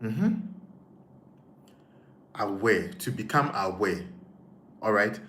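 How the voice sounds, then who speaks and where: A man's voice: fairly low pitch, animated, slow pace, fairly bright tone. Ghanaian man in an echoey room. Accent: Ghanaian English. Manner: hesitant, repeats words, thinks aloud. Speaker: live stream host. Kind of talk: casual live-stream chat reading comments. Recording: echoey room with faint noise.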